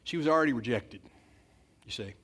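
A man's voice: mid-range voice, animated, fairly quick, husky. A man preaching a sermon, retelling a scripture story in casual everyday speech and breaking into acted quotes. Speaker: pastor.

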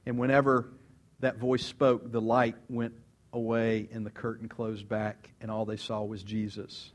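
A man's voice: fairly low pitch, flat delivery, unhurried. A man preaching a sermon, telling stories with animation, asking rhetorical questions and acting out quotes. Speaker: pastor.

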